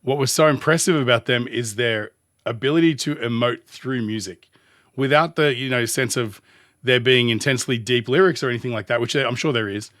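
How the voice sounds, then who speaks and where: A man's voice: medium pitch, fairly bright tone, dry recording, clean studio sound. Australian man thinking aloud over music. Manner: rambling, thinking aloud while pausing the track. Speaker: music producer reacting to songs. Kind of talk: casual music reaction commentary.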